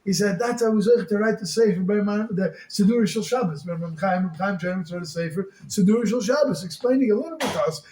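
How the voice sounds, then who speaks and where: A man giving a Hasidic sermon as a rabbi, swinging from crying-out pleas to quiet storytelling, with Yiddish and Hebrew words mixed into his English. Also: sits high, fast, few pauses. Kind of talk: Hasidic sermon to a small group. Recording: echoey room with faint noise.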